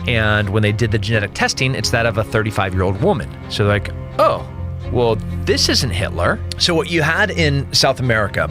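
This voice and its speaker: A man who is a guest on a podcast, explaining things in an animated storytelling way. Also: lowish voice. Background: music.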